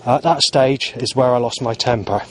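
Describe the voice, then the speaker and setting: Filming himself outside in the heat, a man rambles to camera with agitation, stumbling through fillers and restarts. He speaks at a moderate pace in a mid-range voice, with a little hiss or hum on the recording.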